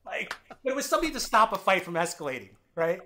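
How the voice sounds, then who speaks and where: Expressive man telling candid stories. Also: fast, slight background noise. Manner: expressive, swinging between loud animated bursts and low quiet passages; candid and profane, acts out other people's lines. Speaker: podcast guest. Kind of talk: candid storytelling in a podcast interview.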